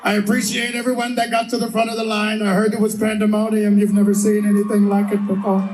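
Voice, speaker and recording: A man's voice: high voice, completely flat delivery, quick pace, background noise, lightly acted. A man impersonating a boastful older politician, speaking in rambling rally-style patter at a party, in an echoey room with a crowd behind him.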